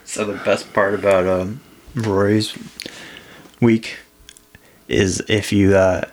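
A man's voice: fairly low pitch, level tone, slow. A man co-hosting a casual podcast chat, telling loose, joking stories in a rambling way. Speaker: podcast co-host.

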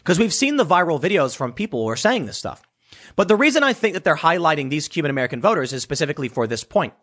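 A man giving casual political commentary in an animated way, now and then mocking others with put-on voices. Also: on the high side, quick pace.

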